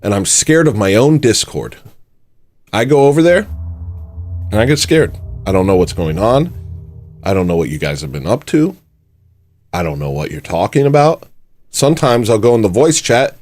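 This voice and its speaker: A man hosting a comedy livestream, rambling and self-mocking as he swings between mock panic and low mumbles. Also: big pitch swings, normal speed, a little mellow, soft background music. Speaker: livestream host. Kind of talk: casual comedic livestream chat.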